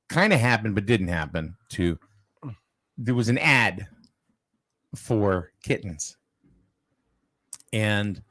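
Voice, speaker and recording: A man hosting a casual local talk show, telling an animated story and repeating "I said" as he goes. He is from Eastern Connecticut. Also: fairly low pitch. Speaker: host.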